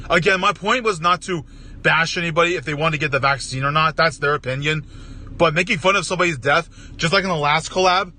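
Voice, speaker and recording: A man giving a heated, profane rant, repeating himself and rising in pitch as he gets worked up. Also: sharp tone, slight background noise. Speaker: collab rant contributor. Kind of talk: angry rant.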